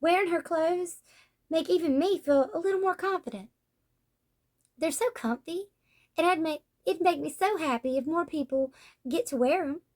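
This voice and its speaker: A woman's voice: extremely high pitch, moderate pace, pitched above the performer's own voice. A woman doing a shy, sweet young model. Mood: earnest.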